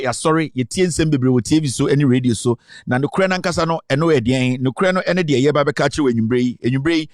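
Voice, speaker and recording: A man's voice: mid-range voice, dry recording, clean studio sound. A Ghanaian man hosting a live political talk stream, boastful and rambling, switching between Twi and English. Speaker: online show host.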